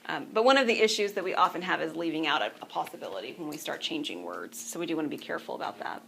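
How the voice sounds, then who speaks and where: A woman's voice: low voice, expressive, very fast, gravelly, fairly bright tone, a little hiss or hum. A woman teaching math to a class, talking patiently and conversationally and often checking that students follow. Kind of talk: classroom lecture.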